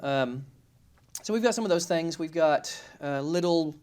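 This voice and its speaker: A man's voice: on the high side, expressive, moderate pace, a little mellow. A man in casual conversation, explaining his family's customs with frequent ums and restarts. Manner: hesitant, many ums and restarts.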